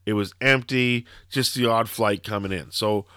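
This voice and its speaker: Podcast co-host, man, rambling storyteller, bright and crisp, dry. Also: lowish voice, normal speed, no room sound. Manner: rambling storyteller, lots of fillers and profanity. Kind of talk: casual chat.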